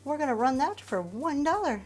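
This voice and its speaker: Middle-aged woman hosting a live auction stream, bright and higher voice, chatty and upbeat, faint music behind. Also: big pitch swings, moderate pace. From Pennsylvania. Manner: chatty, upbeat, thanks viewers often. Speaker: live-stream reseller host. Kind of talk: live auction selling chat.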